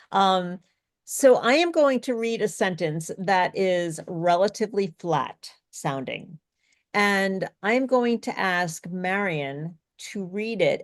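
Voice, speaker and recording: A woman's voice: mid-range voice, dry recording, studio quality. A woman speech coach leading an online workshop, chatty and friendly, with frequent ums. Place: online video session.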